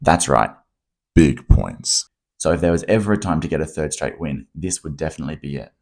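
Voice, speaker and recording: A man's voice: rumbling low, fast, soft background music. An Australian man narrating his own vlog in a scripted voice-over, wry and self-deprecating. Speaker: vlogger narrating.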